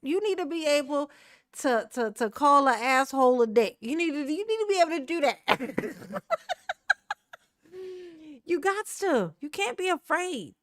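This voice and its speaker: A woman's voice: sits high, animated, measured pace, pauses often, no room sound. A woman doing brash, laughing, trash-talking commentary on a live stream.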